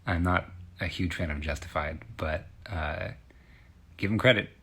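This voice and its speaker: A man's voice: low-pitched, moderate pace, creaky, bright, forceful tone, breathy edge. A man in his thirties with a Kentucky accent giving a chatty, opinionated monologue with lots of uh fillers. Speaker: vlogger.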